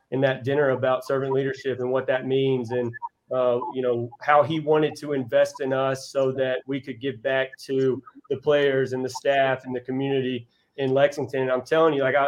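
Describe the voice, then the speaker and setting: A man in his thirties, a basketball coach, talking earnestly as a guest in a casual interview. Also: medium pitch. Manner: earnest, reflective storyteller.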